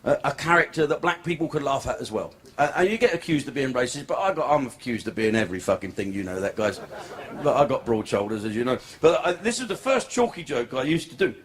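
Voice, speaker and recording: A man's voice: medium pitch, expressive, fast, fairly bright tone. An older man performing a crude, rambling, profane stand-up routine on a comedy club stage. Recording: live club with crowd laughter.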